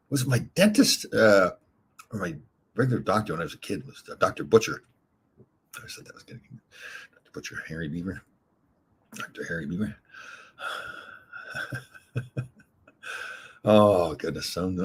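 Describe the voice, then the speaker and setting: A man's voice: low-pitched, slightly rough. A middle-aged man hosting a rambling, casual live stream, reading comments aloud and giggling often. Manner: giggly, rambling, laughs often between lines. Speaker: host reading live chat.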